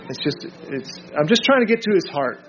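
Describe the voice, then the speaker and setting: A man's voice: on the high side, big pitch swings, brisk, faint music behind. A man leading a group Bible study, reading scripture aloud and drilling his listeners with short emphatic remarks. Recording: dull lo-fi recording.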